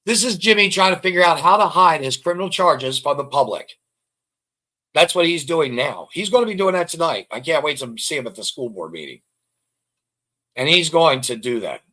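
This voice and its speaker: Host, man, bright tense voice, slightly high, rambling scornful commentary. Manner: rambling, repeats phrases, scornful. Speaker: online show host. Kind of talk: casual commentary reading out records.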